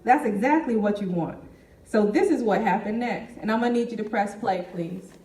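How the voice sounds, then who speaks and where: A woman giving a keynote business presentation, telling a story to the audience in a lively way. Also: mid-range voice, normal speed. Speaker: keynote speaker. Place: meeting hall. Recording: echoey hall, mic far off.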